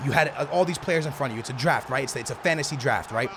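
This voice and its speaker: A young man giving casual gameplay commentary as a gaming YouTuber, animated and slangy, talking straight to his viewers as bro and man. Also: mid-range voice, fast, background noise. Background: faint background music.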